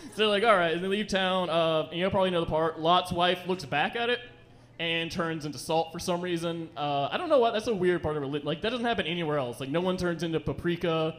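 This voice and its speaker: High-voiced young man doing profane stand-up. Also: a bit bright. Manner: rambling, profane, acts out quick voices. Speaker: stand-up comedian. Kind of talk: stand-up comedy set. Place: comedy club stage.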